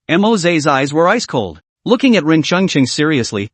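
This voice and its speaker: A man's voice: a little high, very animated, normal speed, few pauses, dry recording. A man narrating a comic story recap in a scripted reading.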